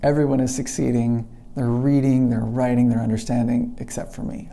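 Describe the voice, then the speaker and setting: A middle-aged man with a very dark, mellow voice and a gravelly edge tells a personal story straight to camera. He speaks earnestly, as a teacher looking back on his own struggle. At the emotional points he slows right down and goes quiet. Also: medium pitch, little pitch movement. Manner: earnest, slows down and drops to a hush at emotional moments. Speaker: English teacher.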